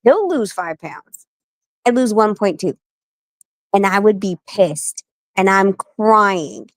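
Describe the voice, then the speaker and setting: A woman in her forties, a guest on an interview show, telling animated stories and acting out the people she quotes. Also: mid-range voice, slow, dry recording. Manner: animated, acts out quoted voices. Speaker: guest, wife and manager of a boxer. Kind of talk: casual interview storytelling.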